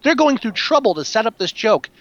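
A man with a bright, forceful voice chats casually about a movie, wry and animated, and now and then he slips into joking voices. The sound is a little dull and muffled, and dry, as if recorded close to the mic. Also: high-pitched, fairly quick, no echo. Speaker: podcast co-host. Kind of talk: casual movie review chat.

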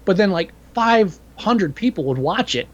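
Swearing guy rambling about direct-to-video horror, kinda high voice, muffled lo-fi sound. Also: lively intonation, normal speed. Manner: profane, rambling, opinionated. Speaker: podcast co-host. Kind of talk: casual movie review chat.

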